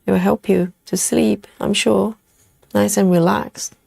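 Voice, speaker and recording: A woman hosting a relaxed live cross-stitch stream, chatting casually with viewers as she stitches. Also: mid-range voice, measured pace, creaky, husky, no echo, studio quality. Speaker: host of a cross-stitch livestream. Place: at home in the evening.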